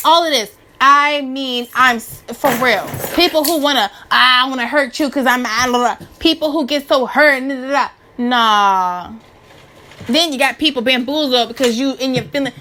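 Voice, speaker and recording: A woman in her twenties giving a casual, slangy spiritual rant to her viewers, animated and preachy with many restarts. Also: on the high side, a little hiss or hum. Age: 20s. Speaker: spiritual vlogger.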